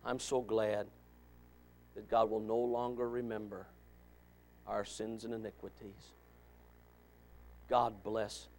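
A man preaching a sermon as associate pastor, folksy and joking, swinging from quiet asides to loud shouted exhortation. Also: on the low side, little pitch movement, slow, pauses often. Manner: folksy, joking, with sudden dramatic emphasis.

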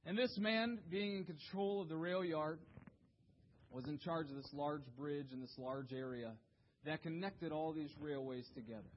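A man preaching a sermon, telling a story dramatically, dropping to hushed low tones and then rising to shouts. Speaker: pastor. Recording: dull lo-fi recording.

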